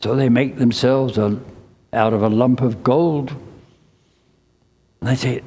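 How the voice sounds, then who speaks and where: Older male preacher, slow and mellow, chatty storyteller with dry humor; reverberant hall sound. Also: mid-range voice, steady tone. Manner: conversational storytelling with dry asides. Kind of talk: sermon.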